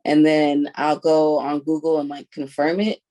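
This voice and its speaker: A woman's voice: sits low, flat delivery, warm tone, poor audio. A young woman chatting casually as a podcast guest, telling stories with lots of "like" and easy laughs. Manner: chatty storyteller, heavy use of "like", quick laughs. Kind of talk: casual chat.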